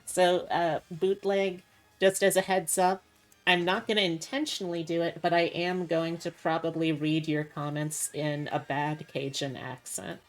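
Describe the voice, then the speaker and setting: A woman streamer talks casually to her chat, rambling and indecisive. Her voice sits low and her pace is unhurried. Soft music plays faintly behind her. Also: little pitch movement. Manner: rambling, indecisive, self-mocking.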